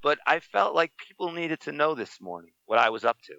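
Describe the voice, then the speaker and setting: Wry middle-aged man, bright lo-fi sound. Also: on the high side, big pitch swings, a little fast, vocal fry, no room sound. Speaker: podcast co-host. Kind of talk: casual chat.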